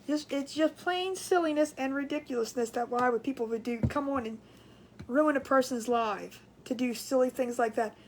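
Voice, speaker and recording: A woman hosting a casual crafts livestream, rambling chattily and greeting viewers in a drawn-out sing-song. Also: high voice, slight background noise.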